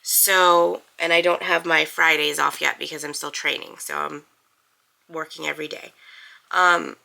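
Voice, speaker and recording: A woman's voice: low voice, little pitch movement, unhurried, vocal fry, pushed and bright, low-quality recording. A young woman chatting casually to camera as a book vlogger, rambling with lots of fillers. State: congested, with a cough.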